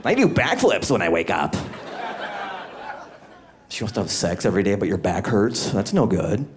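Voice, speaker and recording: A man doing a stand-up comedy set in a comedy club, animated and acting out little scenes. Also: lowish voice, moderate pace, a faint crowd. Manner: animated, acts out voices and groans. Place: comedy club stage with audience laughter.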